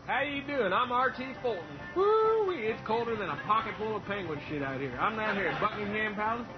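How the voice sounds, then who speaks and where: A comic actor playing a brash Texan cowboy reporter on a street, hollering and whooping. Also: male voice, high-pitched, big pitch swings, a little fast, loud music behind the voice. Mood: rowdy. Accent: Texan, put on. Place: outdoors on a busy city street. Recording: dull TV audio, loud crowd and traffic.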